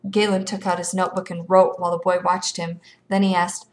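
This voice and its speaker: A woman reading a children's fantasy novel aloud with steady, expressive storytelling. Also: lowish voice, brisk, few pauses. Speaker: audiobook reader.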